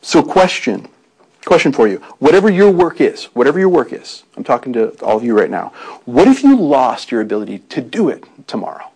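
Husky earnest man preaching a sermon. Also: medium pitch, very animated, fairly quick, a little mellow, rough recording. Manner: earnest, conversational, frequent restarts and rhetorical questions.

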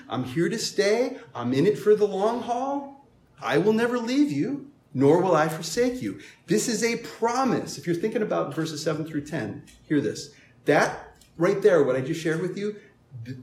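A man preaching a sermon as pastor, emphatic and animated, with playful asides to the congregation. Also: high voice, echoey room.

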